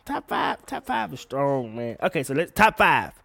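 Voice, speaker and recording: A man giving a casual, profane solo rant about music gossip, breaking into sudden loud high outbursts. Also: big pitch swings, normal speed, vocal fry, dry recording. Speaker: solo commentator.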